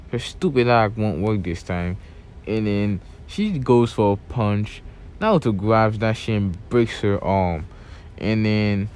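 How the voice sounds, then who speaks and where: A young man with a fairly low voice, rambling through a fan-made story in a relaxed, offhand way. He leans on fillers and restarts, with faint background hiss. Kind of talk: casual fan-fiction retelling.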